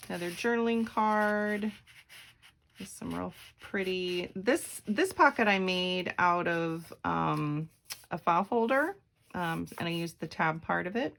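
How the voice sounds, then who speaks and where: A woman's voice: mid-range voice, creaky, a bit bright, slight background noise. A woman showing a handmade journal on camera, chatty and meandering, with frequent ums and self-corrections. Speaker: craft vlogger. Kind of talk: casual craft flip-through.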